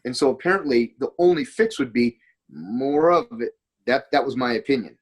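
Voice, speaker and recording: A man's voice: medium pitch, lively intonation, moderate pace, slightly rough, rough recording. A man, a podcast guest, talking in a rambling, anecdotal way during a casual conversation. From United States.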